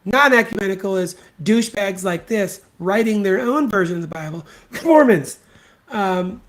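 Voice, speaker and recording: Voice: medium pitch, animated, normal speed. Blunt, profane podcast host ranting solo. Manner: emphatic repetition. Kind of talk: solo opinion rant.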